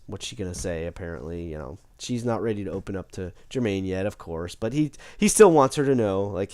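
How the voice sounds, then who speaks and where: A man's voice: lowish voice, lively intonation, fairly quick, hardly any pauses, a little mellow, no echo. A man recapping a tabletop game session in a rambling way, with lots of restarts and self-corrections.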